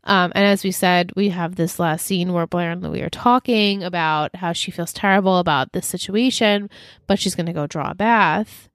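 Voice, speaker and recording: A woman's voice: on the low side, steady tone, normal speed, dry recording, clean studio sound. A woman co-hosting a podcast, chatting casually and animatedly about a TV episode and acting out its lines. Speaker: podcast co-host. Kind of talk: casual TV recap chat.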